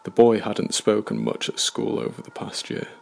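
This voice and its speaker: A man narrating a scripted horror story in a measured, somber way. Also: lowish voice, completely flat delivery, vocal fry, a little mellow.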